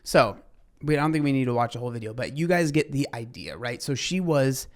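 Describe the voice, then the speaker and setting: A man's voice: mid-range voice, animated, brisk. A young man hosting a casual commentary, talking in a rambling way with many fillers and restarts. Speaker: commentary host.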